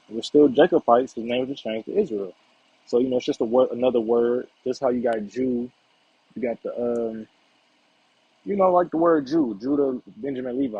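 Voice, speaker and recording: A man with a mellow, husky voice gives a relaxed scripture lesson. He talks in a loose, conversational way and keeps checking in with his listeners. The sound is dry and a bit muffled and lo-fi. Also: medium pitch, dry recording. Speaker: Bible teacher. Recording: dull lo-fi recording.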